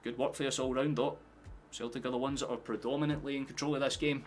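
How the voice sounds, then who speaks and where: A man's voice: mid-range voice, fast, slight background noise. A young Scottish man live-streaming his reactions to a football match, chatting to viewers and swearing freely. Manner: excitable, swears often, erupts into shouting at goals.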